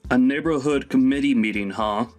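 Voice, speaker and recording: Brief: a man as a fed-up young son, mid pitch, scolding, faint music behind. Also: brisk, darkish tone, lightly acted. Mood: angry. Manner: accusing, exasperated. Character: young adult son, angry and exasperated. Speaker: son and husband.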